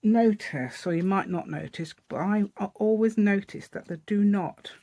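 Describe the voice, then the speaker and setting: Speaking at medium pitch and a moderate pace, this woman has a dark tone and an East Midlands English accent. She hosts a craft channel and gives a casual tutorial, chatting, rambling and thinking aloud while showing each step of a paper craft project.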